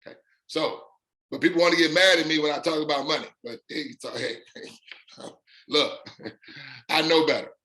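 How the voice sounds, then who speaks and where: A man with a fairly high voice talks to his online community in an unscripted live stream. He hammers his points home in short repeated lists and stretches out the words he wants to land. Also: steady tone, moderate pace, long pauses, pushed and bright. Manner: emphatic, repeats phrases in punchy lists. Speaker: host of an online business community.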